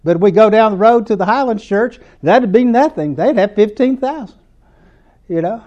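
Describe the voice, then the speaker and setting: A man's voice: sits high, lively intonation, normal speed, darkish tone, highs cut off. A man with a Southern US accent preaching a sermon in an earnest, conversational way, building to emphatic points.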